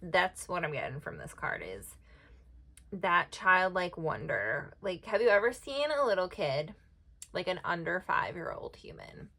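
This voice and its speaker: A woman talks her way through an oracle card spread, rambling and thinking aloud. Her voice has a gravelly, creaky edge. The chat is loose and casual. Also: on the low side, sing-song, a little slow, pushed and bright. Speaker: tarot and oracle card reader. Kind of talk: casual card-reading vlog.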